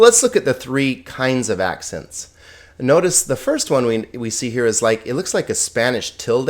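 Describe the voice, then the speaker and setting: A middle-aged man giving a recorded lesson, explaining slides in a relaxed way with plain words and small jokes. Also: fairly low pitch. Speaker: Greek teacher.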